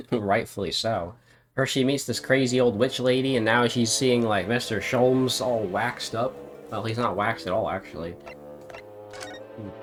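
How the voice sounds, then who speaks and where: A man's voice: mid-range voice, unhurried, over music. A man giving amused, laughing commentary while streaming a game. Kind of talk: let's play commentary.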